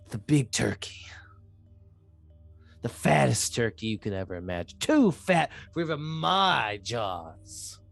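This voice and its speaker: A tabletop game master voicing a sly, tempting jungle snake in an animated, hushing way. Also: mid-range voice, pitched below the performer's own voice, heavily acted. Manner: coaxing, drops to a hush on sweet words.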